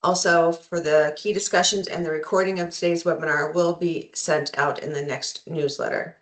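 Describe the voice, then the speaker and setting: A woman opens a webinar over a video call, welcoming attendees and covering the housekeeping notes. Her voice sits a little low for a woman, and her delivery is polite and orderly with the occasional um. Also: fairly even intonation, normal speed. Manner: polite, scripted-sounding welcome with some ums. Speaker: webinar moderator. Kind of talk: webinar introduction.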